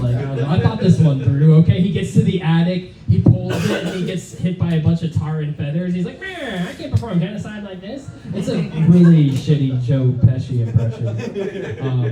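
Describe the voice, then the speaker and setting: A man doing a stand-up set in a club with a deadpan, halting delivery full of fillers. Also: a little high. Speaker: stand-up comic. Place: comedy club, open mic. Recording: echoey room from far off. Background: audience laughter.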